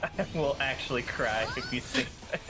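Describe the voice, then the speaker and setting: A man's voice: medium pitch, normal speed. A man from the southern United States, hosting a game stream in casual chat, rambling with restarts and swearing freely. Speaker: streamer host. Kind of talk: casual chat while gaming.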